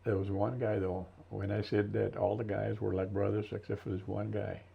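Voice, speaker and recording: A man in his seventies, an interview guest and military veteran, telling his story slowly and thoughtfully with many restarts in a gravelly voice. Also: on the low side, level tone. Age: 70s. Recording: dull lo-fi recording.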